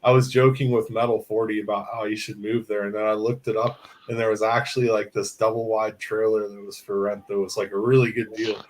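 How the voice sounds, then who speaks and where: A man's voice: on the low side, flat delivery, fairly quick, few pauses, a little hiss or hum, low-quality recording. A man in casual chat, telling long, rambling stories full of swearing and fillers. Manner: rambling, profane storytelling with frequent fillers. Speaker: podcast host.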